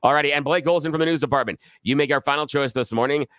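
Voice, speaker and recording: A man co-hosting a talk radio show, telling news stories in an animated, sarcastic way from a studio microphone. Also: a little high, racing, dry recording. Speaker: radio co-host.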